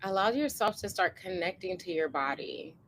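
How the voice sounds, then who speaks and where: A woman with a slightly low voice talks gently and encouragingly as she coaches a group online. She slows into a soothing cadence to guide a body scan meditation. A faint hum of room noise sits under her voice. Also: expressive, low-quality recording. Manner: gentle, encouraging, slow guiding cadence with soft laughs. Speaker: coach hosting a co-planning session. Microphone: live online session.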